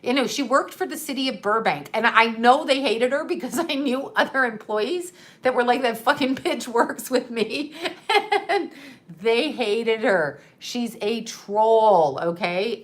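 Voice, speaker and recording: A middle-aged woman with a fairly high voice tells a story from her own life. She swears freely, laughs often and acts out the other people in it. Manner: profane, laughing often, animated retelling. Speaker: host telling a personal story. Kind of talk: casual storytelling.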